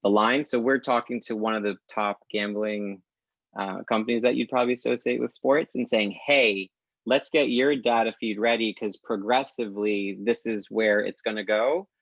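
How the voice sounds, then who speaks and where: A man with a low, gravelly voice talks as a podcast guest, animated and quick to act out bits of dialogue. The recording is dry and a little dull, with a lo-fi edge. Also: no echo. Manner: animated storyteller acting out quoted dialogue. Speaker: guest, tech company founder. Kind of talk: casual podcast conversation.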